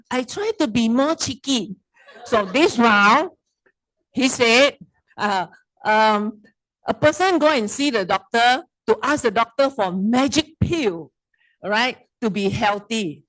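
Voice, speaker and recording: A middle-aged Malaysian woman talks to a seminar crowd in a chatty, teasing way, firing questions at them. Her voice sits a little high, and the sound is dry and close. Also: expressive, a little slow, a bit bright, no echo, poor audio. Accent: Malaysian English. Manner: chatty, teasing, quizzes the audience. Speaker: wellness presenter. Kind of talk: casual seminar talk.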